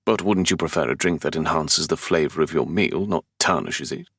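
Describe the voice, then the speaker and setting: A man with a London English accent reads a first-person romance audiobook in a dry, sardonic, exasperated voice. His voice sits very low, with a gravelly, husky grain. The recording is close and dry. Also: moderate pace, fairly bright tone, no echo. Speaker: audiobook narrator. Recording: dry close studio sound.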